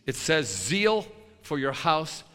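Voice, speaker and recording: Male preacher, high lively voice, folksy and fiery, cutting sound with long hall reverb; builds to shouts. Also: slow. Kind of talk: sermon.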